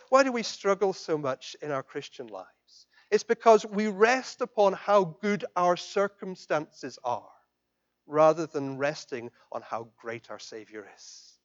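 A man preaching a sermon as pastor, swinging from loud emphatic declarations down to soft, quiet questions. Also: fairly high pitch, very animated, measured pace, dull audio. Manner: impassioned, rising to loud emphatic declarations then dropping soft.

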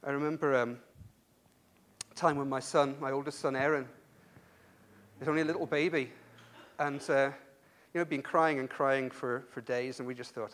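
A man's voice: a little high, moderate pace, a bit bright. A man preaching a sermon in a conversational way, often repeating words and adding self-deprecating asides. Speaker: university lecturer.

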